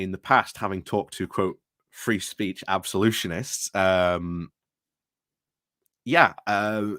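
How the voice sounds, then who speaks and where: A man's voice: fairly low pitch, fairly bright tone, dry recording. Rambling British man, dry close sound. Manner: rambling, with restarts and asides to chat. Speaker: livestream host. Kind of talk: casual livestream commentary. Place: indoors at home.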